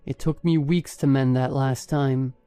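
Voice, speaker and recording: A man voicing a surly, ragged older French junkie in a horror story, with a French accent and a hushed, blunt way of talking. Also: mid-range voice, steady tone, measured pace, clear, resonant tone, no echo, soft background music, close to an everyday voice. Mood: snappish hushed. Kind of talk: scripted narration.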